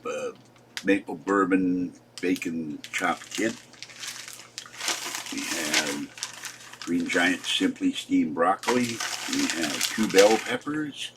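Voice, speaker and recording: A man in his seventies from Pittsburgh speaks slowly in a low voice, with background noise. Tired and upset, this vlogger rambles through a casual vlog, complaining and trailing off.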